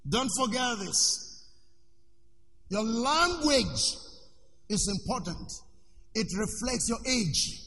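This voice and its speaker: A man, a pastor preaching a sermon with sudden shouts and questions to the congregation. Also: extremely high pitch, lively intonation, slow pace, vocal fry, pauses often, long reverb tail. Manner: preaching with shouts and call-and-response.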